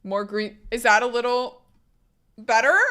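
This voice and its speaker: A young woman streaming live, chatting casually in a giggly, chaotic way with loud outbursts. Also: a little high, slow.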